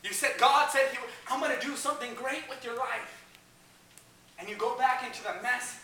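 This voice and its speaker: A man gives a lively youth sermon, acting out the voices in his stories and shouting at the high points. His voice is high and very bright. It comes from a distance, with a lot of echo from a large hall. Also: normal speed, slight background noise. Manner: animated storytelling, shouting peaks, acts out quotes. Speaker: youth preacher. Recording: echoey hall, heard from a distance.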